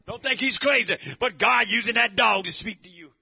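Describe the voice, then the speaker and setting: Male preacher, fiery sermon, high husky voice, shouts then drops low; dull lo-fi recording. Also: fairly quick. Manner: shouting and dropping to a low mutter, laughing between lines.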